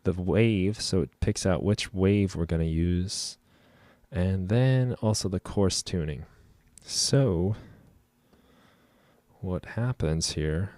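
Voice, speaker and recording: A man giving a casual music production tutorial at his computer, explaining each knob in a relaxed way with frequent ums, over loud instrument sounds. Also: sits low, takes it slowly, dry recording. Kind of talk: casual screen-recorded software tutorial. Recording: loud instrument demos behind the voice. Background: loud synth and trumpet sounds playing.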